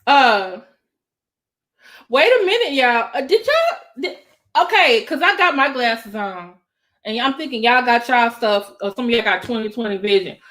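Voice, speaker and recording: Woman, live-stream commentator, high voice, swooping animated pitch, excitable, chatty with viewers. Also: a little slow. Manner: excitable, exclaiming to viewers, voice jumps higher when excited. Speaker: YouTube commentator.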